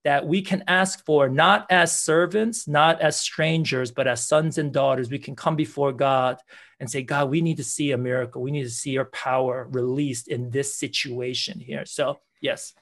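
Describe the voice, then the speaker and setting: A man's voice: mid-range voice, steady tone, normal speed, vocal fry, a bit bright. A man, a pastor, telling prayer testimonies in an earnest way, repeating words and acting out what people said. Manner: earnest, repeats words, acts out quoted dialogue. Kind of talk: testimony storytelling in conversation.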